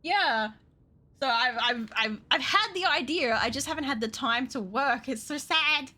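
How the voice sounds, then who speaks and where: A woman's voice: high voice, a little slow, pushed and bright. A woman streaming a video game, chatting casually with viewers, swearing freely and laughing often. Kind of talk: casual gameplay stream chat.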